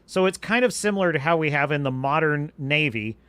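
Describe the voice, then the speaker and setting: A man's voice: fairly high pitch, fairly quick, clear, resonant tone, no echo. A man hosting a live stream, chatting in a rambling way and answering viewers' questions. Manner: animated, rambling, restarts sentences. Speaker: podcast host.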